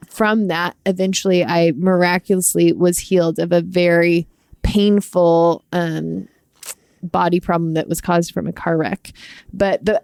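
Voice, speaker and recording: A woman's voice: on the low side, vocal fry, darkish tone, dry recording, clean studio sound. A woman co-hosting a podcast, talking earnestly and emotionally, with rambling restarts. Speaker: podcast co-host. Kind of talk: heartfelt podcast conversation.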